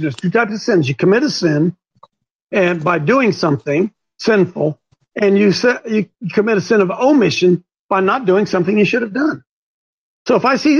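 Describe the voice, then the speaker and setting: A man's voice: high-pitched, husky, highs cut off. A man hosting a talk radio show, preaching fervently and repeating his points for emphasis.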